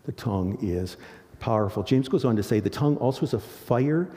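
A middle-aged man pastor preaching a sermon, earnest and animated, often asking the congregation rhetorical questions. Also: medium pitch, fairly quick. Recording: long hall reverb.

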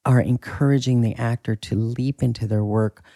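A man talking as an acting coach in a casual interview, candid and emphatic, with a husky voice and the odd swear. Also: mid-range voice, fairly even intonation, normal speed, dark tone, dry recording.

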